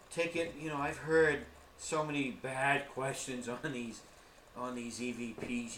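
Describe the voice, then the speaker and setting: A man's voice: mid-range voice, fairly bright tone, a little hiss or hum. Brief: male tour guide, casual and earnest, mid-range voice, roomy live-stream audio. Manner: earnest, chatty, addresses viewers as folks. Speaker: ghost hunting tour guide. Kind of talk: casual instructional talk.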